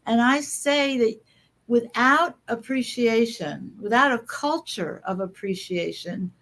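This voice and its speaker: A woman guest on an interview, speaking earnestly and emphatically with quick asides and fillers. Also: fairly high pitch, fairly bright tone. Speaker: guest author. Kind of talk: conversational interview.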